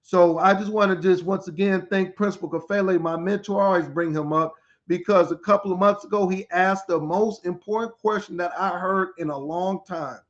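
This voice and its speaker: A middle-aged man with a fairly high voice hosts a live podcast, greeting viewers by name one after another. He talks with energy and repeats himself to pump up the audience. The audio is slightly dull and lo-fi. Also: normal speed. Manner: energetic, repetitive, hypes the audience. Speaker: podcast host, school turnaround specialist.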